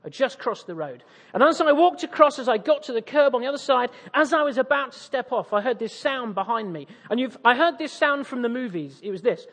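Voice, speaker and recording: A man's voice: very high-pitched, expressive, brisk, hardly any pauses, a bit bright, big-room sound. A man from East Anglia with an English accent, preaching a sermon with audience interaction, jovial and self-mocking. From East Anglia, England.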